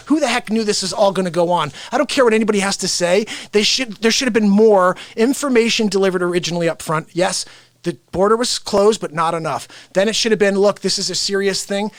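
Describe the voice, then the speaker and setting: A man ranting to his live-stream audience, his pitch bouncing widely as he rambles. He addresses viewers directly. The sound is dry and close. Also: no room sound. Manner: animated, rambling, talks straight to viewers. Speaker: live-stream host and celebrity impressionist. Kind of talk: casual live-stream rant.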